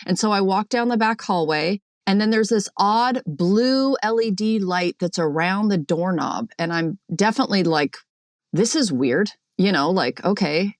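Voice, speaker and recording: A woman calling in from a boat, telling her dream in a chatty, animated way with lots of fillers, acting out what people said. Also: mid-range voice, normal speed, hardly any pauses, no room sound. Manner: chatty, animated storyteller, many fillers, acts out quotes. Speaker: caller. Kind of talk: recounting a dream on a call-in show.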